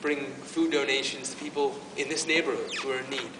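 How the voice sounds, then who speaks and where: A man's voice: medium pitch, steady tone, brisk, background noise. A man giving an informal faith talk to a youth group at his parish, earnest and emotional, with many restarts. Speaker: parish youth ministry speaker. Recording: echoey hall from far off.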